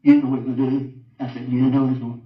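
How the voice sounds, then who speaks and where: An older man giving a halting personal account in an interview, repeating himself and often trailing off quietly. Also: medium pitch, level tone. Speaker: interviewed father. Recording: roomy, distant, dull audio.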